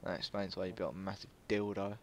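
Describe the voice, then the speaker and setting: Young guy, kinda low voice, crude jokes while gaming. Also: flat delivery, fast talker. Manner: joking, crude, laughs often. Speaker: gamer. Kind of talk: casual chat while gaming.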